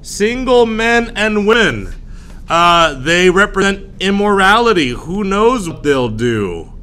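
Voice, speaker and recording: A man teaching a history class, lively and jokey, acting out little scenes and voices for students. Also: sits high, slow.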